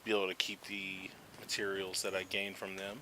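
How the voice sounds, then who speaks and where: A man's voice: sits low, moderate pace, noisy background. A man hosting a gaming video, casually talking through what he does and explaining the game's mechanics as he goes. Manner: relaxed, chatty, explains game mechanics as he plays. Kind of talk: casual gameplay commentary.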